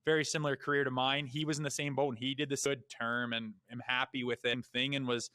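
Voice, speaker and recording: A man's voice: mid-range voice, fast, no echo. A man talking as a podcast guest, a retired hockey player telling blunt, profane stories in casual chat. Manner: blunt and profane, with animated asides. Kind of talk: casual storytelling.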